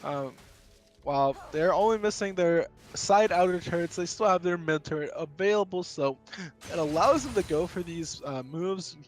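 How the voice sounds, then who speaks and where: A man's voice: sits high, normal speed. A man doing play-by-play commentary on an esports match, speeding up when fights break out. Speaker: esports caster.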